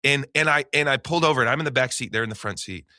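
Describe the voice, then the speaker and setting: A man guest on a podcast, casually telling animated stories and acting out the people in them. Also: medium pitch, rapid-fire, no echo, clean studio sound. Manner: animated storyteller who acts out quoted people. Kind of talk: casual storytelling.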